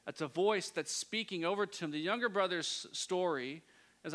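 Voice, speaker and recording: A man preaching a sermon, moving between hushed, intimate passages and loud, impassioned pleading. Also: fairly high pitch, moderate pace.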